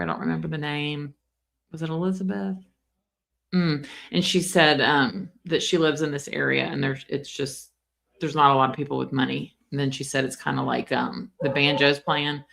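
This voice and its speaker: A woman's voice: deep voice, steady tone, brisk, gravelly, fairly bright tone. A woman commenting on a trial on a live stream, chatty and exclaiming, talking straight to her chat. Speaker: true crime commentator.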